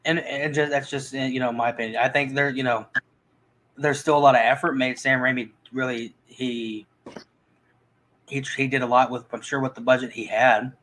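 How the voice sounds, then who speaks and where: A man's voice: medium pitch, fairly even intonation, moderate pace, a bit bright, poor audio. Rambling man chatting about movies. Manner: rambling, many restarts and fillers. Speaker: movie reviewer. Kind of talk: casual chat.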